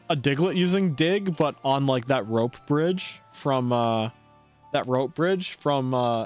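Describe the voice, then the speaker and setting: A male streamer chatting casually while playing a game, rambling and lively. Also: mid-range voice. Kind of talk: casual gameplay chat.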